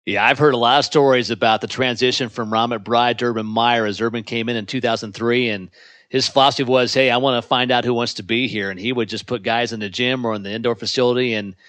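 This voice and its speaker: A man's voice: mid-range voice, fairly even intonation, fast, fairly bright tone, no room sound. A man hosting a sports interview show, giving long fluent setups before his questions. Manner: fluent, recaps history before asking. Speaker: sports podcast host.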